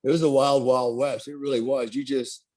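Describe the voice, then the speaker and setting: A man's voice: mid-range voice, little pitch movement, normal speed, a little mellow. Rambling middle-aged veteran man. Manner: rambling, many fillers, earnest. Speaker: military veteran guest. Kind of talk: casual interview storytelling.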